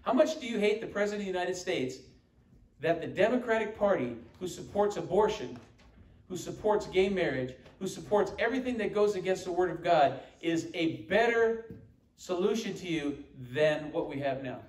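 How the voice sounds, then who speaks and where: A man's voice: high voice, lively intonation, moderate pace, a little mellow. A man preaching a sermon as pastor, emphatic and quoting scripture. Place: church sanctuary. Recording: echoey church room from far off.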